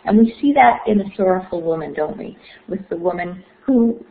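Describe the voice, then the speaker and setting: A woman's voice: on the low side, animated, moderate pace. A woman lecturing on literature, explaining with rhetorical questions and frequent fillers. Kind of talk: recorded lecture. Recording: echoey, phone-like thin sound.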